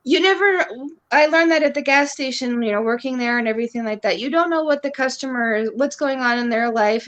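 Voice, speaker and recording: A woman's voice: a little high, fairly bright tone. A woman guest on a livestream, talking in a friendly, earnest, rambling way. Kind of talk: casual livestream chat.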